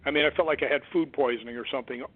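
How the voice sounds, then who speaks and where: A man tells a story as an interview guest, animated and putting on the voices of the people in it. He comes through a thin, tinny phone line. The sound is dry and close, with no room around it. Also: mid-range voice, racing, no room sound. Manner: animated, acts out quoted voices. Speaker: guest, stuntman and ghost hunter.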